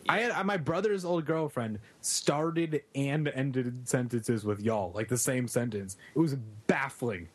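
A man from California co-hosting a podcast, joking and teasing in casual chat. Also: medium pitch. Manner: joking, quick to tease.

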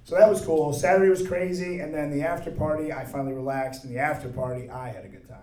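Hoarse man, distant and echoey. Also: fairly high pitch, fast, mellow. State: hoarse, voice worn out. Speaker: convention organizer. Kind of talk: casual interview. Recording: distant and echoey in a large room.

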